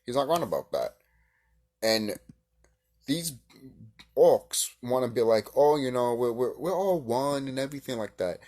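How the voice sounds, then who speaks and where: A man making a reaction video, ranting with heavy swearing, swinging between heated outbursts and quiet musing. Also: mid-range voice, sing-song, a little slow, pauses often. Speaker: video creator reacting to a clip.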